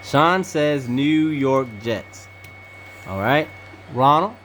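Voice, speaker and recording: A woman hosting a casual family podcast, briskly calling on each person and repeating their picks back. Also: low voice, lively intonation, a little hiss or hum. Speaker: podcast host.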